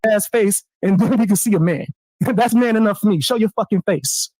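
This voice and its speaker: A man's voice: high-pitched, fairly quick, a little mellow, no room sound. A man in a heated online call-in argument, taunting and mocking the other side and laughing between insults. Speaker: streamer on a call-in panel.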